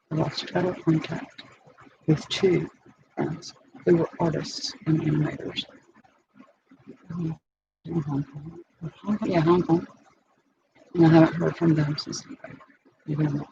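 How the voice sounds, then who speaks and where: Telling a personal story off the cuff, this vlogger has a low, gravelly voice and wanders from point to point with lots of restarts and filler words. The sound is dull and lo-fi, with background noise clearly audible.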